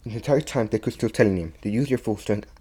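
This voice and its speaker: A young man telling a fan story in a loose, unscripted way. His voice sits a little low, and he keeps stopping, repeating words and starting over. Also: warm tone, breathy edge. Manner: halting, many restarts and repeats. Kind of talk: casual retelling of a fan story.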